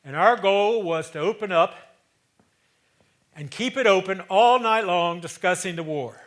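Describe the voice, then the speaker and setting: This performer is a man in his seventies telling a story theatrically on stage. He sounds conversational, swinging from loud stresses to quiet asides, and his voice sits high while his delivery runs a little slow.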